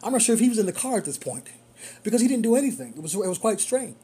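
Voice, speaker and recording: Mellow, husky storyteller, a rideshare driver in a casual monologue, animated and prone to repeating phrases. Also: mid-range voice, racing.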